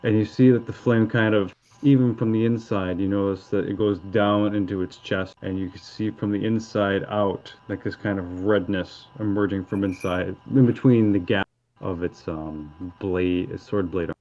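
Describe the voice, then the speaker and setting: A man narrating a tabletop game as game master, halting and descriptive. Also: fairly low pitch, steady tone, darkish tone. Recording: dull lo-fi audio.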